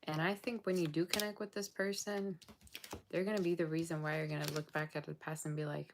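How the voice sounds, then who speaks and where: A woman's voice: low-pitched, level tone, fairly quick, slight background noise. A woman giving a casual tarot reading straight to her viewers, blunt and sassy, tired and yawning late at night. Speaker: tarot reader.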